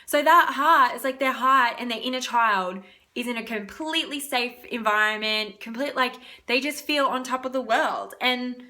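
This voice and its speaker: A young woman with a fairly high, pushed, bright voice chats casually about self-love as a spiritual wellness vlogger. Her self-help talk rambles, packed with fillers and free swearing.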